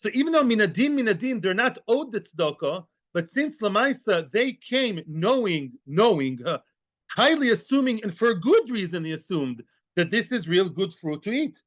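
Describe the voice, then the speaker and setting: High-voiced man teaching Talmud. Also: moderate pace. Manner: lively, conversational, often checks with "yeah?"; mixes in Hebrew and Yiddish terms. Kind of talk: daily Talmud class. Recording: dull lo-fi recording.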